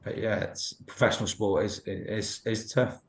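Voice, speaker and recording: A man's voice: fairly low pitch, steady tone, a little slow, creaky. A man in his thirties, a former footballer, telling stories as a podcast guest, laughing often and acting out quotes. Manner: laughing storyteller, many restarts, acts out quotes. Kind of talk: anecdotal podcast chat. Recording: roomy echo.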